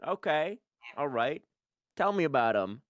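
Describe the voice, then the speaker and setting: A man's voice: on the high side, very animated, a little slow, fairly bright tone, no room sound, dull audio. A man improvising as a breezy, teasing job interviewer in a comedic party game. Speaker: game player acting as interviewer. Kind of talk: improvised comedic role-play.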